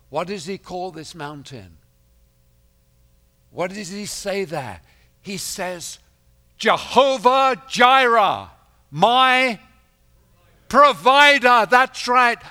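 A man with a high-pitched voice preaches a sermon, swinging between quiet, measured speech and loud, emphatic declarations. He often repeats phrases for effect.

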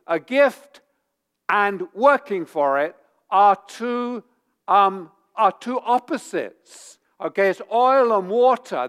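Male pastor, slow deliberate sermon delivery, smooth clear voice, builds to forceful emphasis. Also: sits high. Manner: animated, repeats points with rising force.

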